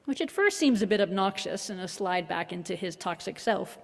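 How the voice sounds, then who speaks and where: A woman minister giving a reflective, measured sermon with a gently wry touch. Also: mid-range voice, lively intonation, vocal fry. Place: worship hall. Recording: long hall reverb.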